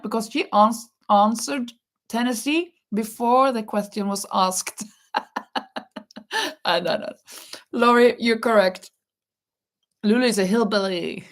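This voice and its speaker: A woman hosting a live crochet chat, reading out quiz questions and answering viewers, laughing often. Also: medium pitch. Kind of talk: casual live-stream chat.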